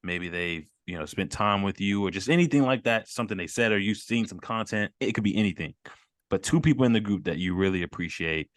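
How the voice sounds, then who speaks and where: A man's voice: lowish voice, a little fast, no echo, clean studio sound. A man hosting a casual group video call, encouraging and affirming the others with frequent murmurs. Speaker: group host.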